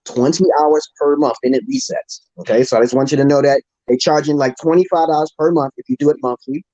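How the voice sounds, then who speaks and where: A man's voice: mid-range voice, fast talker, dark tone, no room sound. A man hosting a livestream in casual chat, rambling, profane and boastful, talking into his phone. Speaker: livestream show host. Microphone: phone, streaming from a mobile. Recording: dull lo-fi stream audio, dry.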